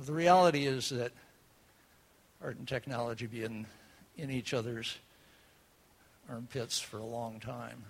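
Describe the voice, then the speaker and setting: A man hosting a seminar, introducing the speakers in a relaxed, rambling way with many fillers. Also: medium pitch, creaky, slightly rough. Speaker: host.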